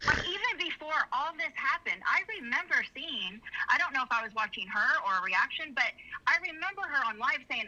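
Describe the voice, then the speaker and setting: Bright-voiced middle-aged woman. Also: high-pitched, expressive, brisk. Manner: earnest, emotional, rambling. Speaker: interview guest. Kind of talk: candid personal storytelling. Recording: slightly muffled video audio.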